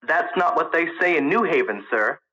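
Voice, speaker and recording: An eager young student caught between nerves and defiance, as a storyteller puts him on. He talks in a raised, lively voice that climbs when pressed, bright and sharp at the edges. A storybook figure who argues right back. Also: a little high, normal speed, low-quality recording. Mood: heated. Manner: eager, defensive. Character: young man, college student, nervous and argumentative.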